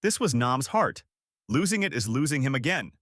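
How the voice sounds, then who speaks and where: A man voicing a grieving young woman who teaches in a village, pleading and shouting through tears. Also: mid-range voice, big pitch swings, moderate pace, no room sound, studio quality. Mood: anguished.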